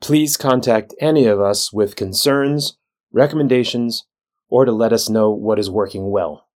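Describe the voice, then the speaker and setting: A man who is a physician and the show's host reads a scripted weekly recap in a measured, plain way, with a dry sense of humor. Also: fairly low pitch, darkish tone. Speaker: physician leader and podcast host.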